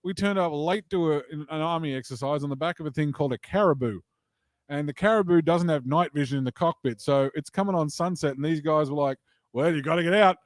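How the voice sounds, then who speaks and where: A man's voice: a little high, quick pace, no echo, studio quality. A man, a comedian guest chatting and telling wry, laid-back anecdotes. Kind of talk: casual chat, storytelling.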